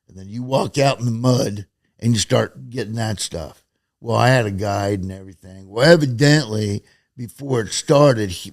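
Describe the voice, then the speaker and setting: A man spins a yarn in loose, animated talk and drops swear words freely. His voice sits at a middle pitch and sounds dry and close to the mic, with no room around it. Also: no room sound. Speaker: TV show host telling a story as a guest. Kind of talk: casual storytelling chat.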